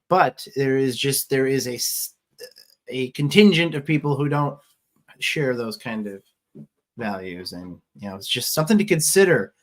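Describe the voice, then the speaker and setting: Male host, mid-range voice, casual and pointed, a sarcastic edge. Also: medium pitch. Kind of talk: casual political commentary.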